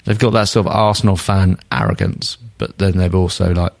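A low-pitched man chatting on a football podcast. He is blunt and jokey and swears freely, ranting half in fun. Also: expressive, brisk, gravelly, darkish tone. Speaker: podcast co-host. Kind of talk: casual football podcast chat.

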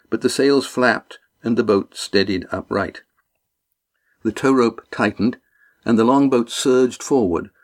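A man narrates an adventure audiobook in a steady, measured voice. His pitch sits somewhat low.

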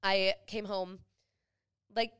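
A young woman co-hosting a podcast about motherhood, telling stories in an animated way and acting out what people said. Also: medium pitch, very slow, clean tone. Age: young adult. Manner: animated storytelling, acting out quoted dialogue. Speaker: podcast co-host. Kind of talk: casual chat.

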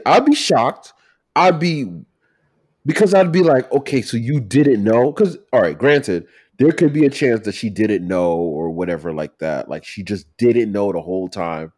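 A man co-hosting a casual talk, emphatic and animated, repeating his points. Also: mid-range voice. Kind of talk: casual chat.

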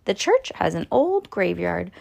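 A woman voicing an eager, excitable young girl in a storybook read aloud. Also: lowish voice, measured pace, vocal fry, heavily acted. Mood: excited. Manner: eager, exclamatory.

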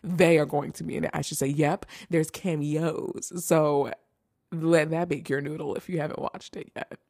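A woman's voice: sits low, fairly even intonation, moderate pace, darkish tone, no echo, clean studio sound. A young woman hosting a casual chat show, gushing over favorites and repeating phrases for emphasis. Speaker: host ranking holiday movies.

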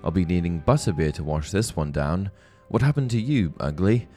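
A man voicing a gloating, menacing male werewolf who rasps his threats in an audiobook-style reading. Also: deep voice, lively intonation, moderate pace, warm tone, soft background music.

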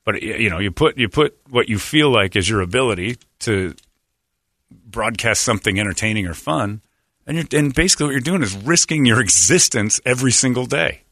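A man's voice: medium pitch, lively intonation, a little fast, fairly bright tone, dry recording, studio quality. A middle-aged man hosting a radio show, talking in a blunt, sarcastic, rambling way. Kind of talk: casual talk radio banter.

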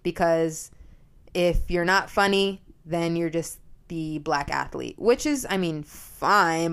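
A woman in her twenties hosting a podcast, talking in a blunt, profane and animated casual monologue. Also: lowish voice, smooth. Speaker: podcast host.

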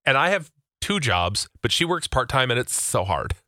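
A man's voice: medium pitch, big pitch swings, bright, forceful tone, dry recording, studio quality. A man co-hosting a radio show, reading out listener messages and joking with his co-host. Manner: jokey, quick to laugh.

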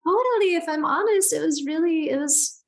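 A woman's voice: extremely high pitch, moderate pace. A woman, a podcast guest, talking candidly in casual conversation, with lots of "like" fillers. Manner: candid, animated, frequent "like" fillers.

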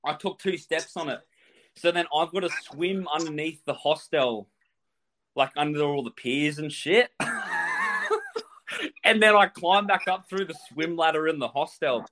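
Casting: male guest storyteller, slightly high voice, animated, swears freely, laughs mid-story. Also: measured pace, pauses often. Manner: animated, swears a lot, laughs while telling. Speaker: guest telling a travel story. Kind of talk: casual storytelling.

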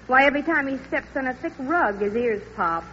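A teasing woman landing quick punchlines in 1930s radio comedy banter. Her voice sits high and leaps around expressively. It comes through a muffled old broadcast with clear hiss. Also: expressive. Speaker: guest star.

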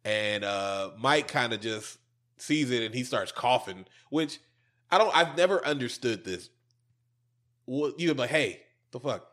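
Male co-host, mid pitch, profane, playful recap chat. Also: lively intonation, a little slow, fairly bright tone. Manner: joking, profane, acts out quoted lines. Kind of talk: casual chat recapping a film.

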